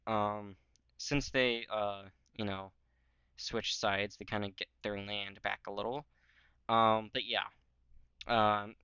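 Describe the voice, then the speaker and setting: A man's voice: fairly low pitch, creaky, sharp tone, clean tone, no echo. A young man talking casually over a map, rambling with many fillers and joking voices. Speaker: history video creator. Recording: dull lo-fi mic.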